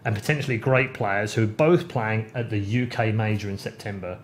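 A man in casual podcast chat, telling stories with lively swings of pitch when he gets excited. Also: fairly quick, a little hiss or hum. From United Kingdom. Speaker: podcast host.

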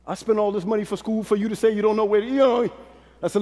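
A man from Brooklyn, a pastor preaching a sermon in call-and-response style, dropping to a hush and rising to shouts. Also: sits high, quick pace. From Brooklyn, New York. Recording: long hall reverb.

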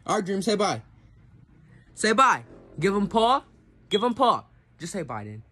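A young man vlogging on his phone while walking his dog in a park, chatting excitedly to viewers in slangy casual talk. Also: high-pitched, measured pace, music in the background, rough recording. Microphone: phone held in hand. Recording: outdoor phone audio with background noise.

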